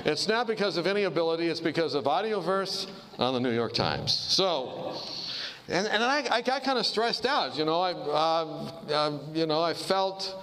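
A man's voice: on the high side, expressive, normal speed, a bit bright, a little hiss or hum. A man giving a sermon-style talk, telling stories with humor and asides to the audience. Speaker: preacher. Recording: long hall reverb.

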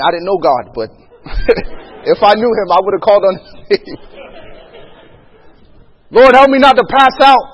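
A man with a notably high voice shares a personal testimony as a vivid storyteller, acting out other people's lines and laughing often. His voice rings with a long hall reverb, and the recording sounds dull and lo-fi. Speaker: speaker sharing a personal testimony.

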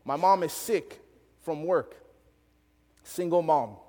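A young man preaching, telling a story from his childhood in an animated way, laughing often and acting out the voices of the people in it. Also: a little high, takes it slowly, long reverb tail. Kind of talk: storytelling sermon.

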